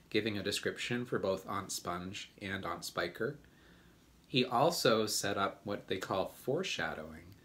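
A man reading a children's storybook aloud as a teacher, gentle and deliberate. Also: deep voice.

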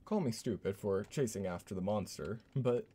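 A man streaming a horror game, chatting casually and joking as he plays. His voice is low and warm. He laughs often and talks in a loose, chatty way. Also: slightly rough. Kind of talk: casual gameplay commentary.

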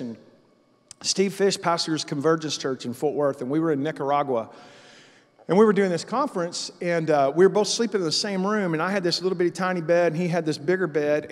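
A man preaching a sermon as pastor, telling an animated story in a church. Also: a little high, long reverb tail. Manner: storytelling, animated and loud in acted-out parts. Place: church sanctuary.

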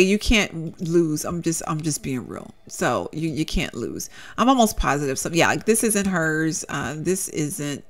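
A young woman chatting casually as she shows off game clothing, gushing and talkative, calling her viewers "y'all". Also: mid-range voice. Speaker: Sims content creator showcasing custom content. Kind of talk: casual gameplay commentary.

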